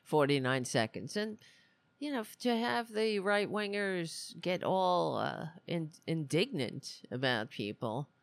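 Slow-talking, animated, indignant show host. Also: mid-range voice, no echo. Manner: animated, indignant, many restarts and asides. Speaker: political commentary host. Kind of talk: casual ranting commentary.

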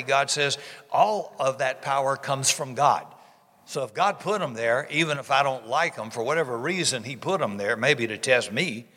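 Male pastor, sermon delivery, folksy and emphatic, bright and forceful, reverb of a large church. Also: fairly high pitch. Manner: folksy, emphatic preaching with repeated phrases. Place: church sanctuary.

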